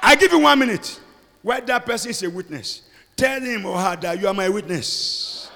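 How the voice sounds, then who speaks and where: A man leading a fiery sermon and prayer, alternating shouted prayer with quieter speech. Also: high voice, lively intonation, normal speed, vocal fry. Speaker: pastor. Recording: long hall reverb.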